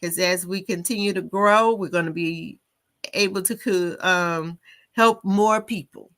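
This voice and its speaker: Bright-voiced chatty woman co-host. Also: on the low side, unhurried. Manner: chatty, friendly, many fillers. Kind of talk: casual livestream wrap-up.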